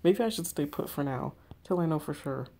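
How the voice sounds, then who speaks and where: A woman reading the texts of a young woman hiding from a stalker, hushed and tense. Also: deep voice, expressive, a little fast, slight background noise. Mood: scared. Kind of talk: text story read aloud.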